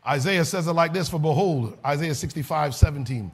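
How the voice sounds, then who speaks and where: A man preaching a sermon, rising to shouts and then dropping low and soft. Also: fairly quick, few pauses.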